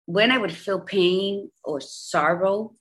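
A woman's voice: medium pitch, slow pace. A woman in her fifties, a guest in an interview, telling her own story with emphatic, repetitive storytelling. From Bridgeport, Connecticut, US. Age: 50s. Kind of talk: candid personal interview.

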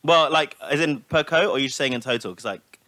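A man's voice: a little high, quick pace, bright, forceful tone, no room sound. A man in casual chat, reacting and filling his talk with "like". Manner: reactive, says like a lot.

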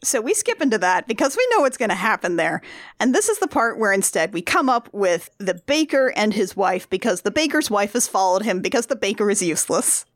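A woman co-hosting a casual chat recapping a musical, animated and often acting out quoted lines with laughter. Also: medium pitch, a little fast, dry recording, studio quality. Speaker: podcast co-host.

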